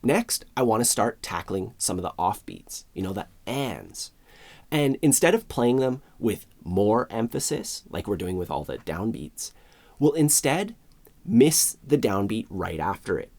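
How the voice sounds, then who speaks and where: A man's voice: lowish voice, sing-song, unhurried, darkish tone. A man giving a friendly step-by-step guitar lesson, counting beats aloud and vocalizing strums. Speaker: guitar teacher. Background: guitar strumming and backing track.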